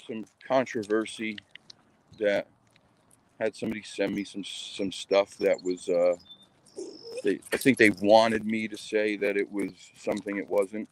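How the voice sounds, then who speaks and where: A man's voice: on the low side, a little hiss or hum, low-quality recording. A man chatting casually to his viewers in a rambling, hesitant way, full of fillers. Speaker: cryptid vlogger.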